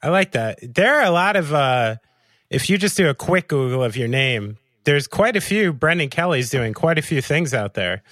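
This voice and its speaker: A man's voice: on the high side, very animated, normal speed, fairly bright tone, dry recording, studio quality. A man co-hosting a podcast in casual chat, rambling and enthusiastic, full of fillers. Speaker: podcast co-host.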